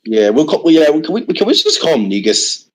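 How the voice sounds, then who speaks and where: Rambling higher-voiced man hosting a chat. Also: very animated, a little fast, a little hiss or hum, poor audio. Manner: rambling, restarts and hedges, leads the talk. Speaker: podcast host. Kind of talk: casual online chat.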